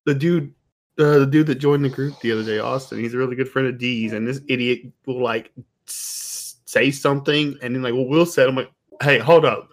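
A man's voice: mid-range voice, steady tone, a little fast. A young man from a small town, chatting casually with crude, self-mocking jokes and frequent laughs. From small-town Oklahoma or Texas. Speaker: podcast co-host. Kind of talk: casual chat.

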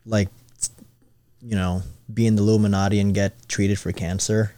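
Podcast host, man, dark low voice, dry close mic, rambling casual talker. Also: little pitch movement, dry recording. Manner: chatty, leans on "like" and "you know", quick questions.

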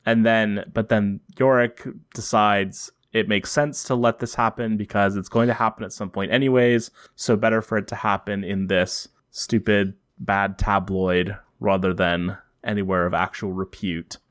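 Low-voiced man chatting casually about comics. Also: normal speed, few pauses, no echo, clean studio sound. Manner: relaxed, thinking aloud with restarts and chuckles. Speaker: podcast co-host. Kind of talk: casual comic book discussion.

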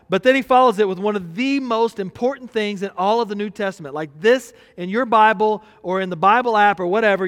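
A man's voice: high voice, a bit bright, long reverb tail. A man preaching a conversational sermon as pastor, telling a personal story with laughter.

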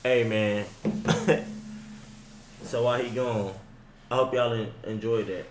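A man's voice: mid-range voice, fairly even intonation, slow pace, roomy sound, noisy background. A man co-hosting a podcast in casual reaction chat, laid-back and slangy, swearing often. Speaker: podcast co-host.

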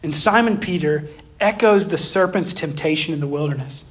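A man preaching a sermon, emphatic, swinging between raised passages and hushed ones, and addressing the listeners as "guys". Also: a little high, moderate pace. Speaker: pastor.

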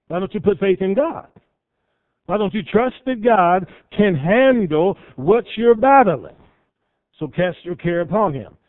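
A man's voice: sits high, lively intonation, a little slow, no room sound. A man preaching a sermon as pastor, building emphasis through stories and scripture. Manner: preaching with rising emphasis and illustrations. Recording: tinny phone-like radio broadcast.

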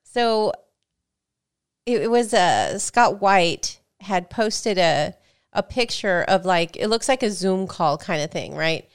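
A woman's voice: mid-range voice, animated, slow pace, clean tone. A woman co-hosting a gaming podcast, chatting casually and telling stories with quoted back-and-forth. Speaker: podcast co-host. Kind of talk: casual chat.

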